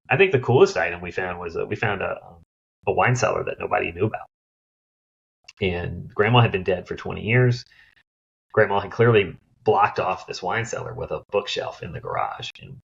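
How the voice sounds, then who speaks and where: A middle-aged man speaks as an interview guest in a low, gravelly voice with a husky edge. He tells animated stories and acts out the voices of the people in them. The recording sounds slightly dull and lo-fi. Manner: animated storyteller who acts out others' voices. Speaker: guest, downsizing expert. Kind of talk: interview storytelling.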